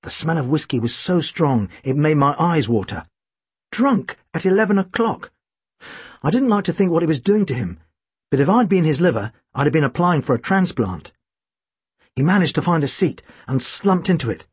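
A man's voice: fairly high pitch, lively intonation, moderate pace, husky, no room sound. A man reading an audiobook, narrating in a dry, wry storytelling manner. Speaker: audiobook reader.

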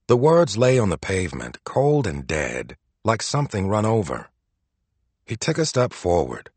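A man narrates an audiobook in a low, husky voice that rises and falls with the drama. The recording is dry and close, with no room sound around him. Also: wildly swooping pitch, measured pace, darkish tone, dry recording.

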